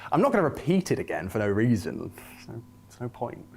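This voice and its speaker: A man's voice: mid-range voice, wildly swooping pitch, fairly quick, vocal fry, darkish tone, a little hiss or hum. A man hosting a comedy sketch, sounding flustered and exasperated. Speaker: host.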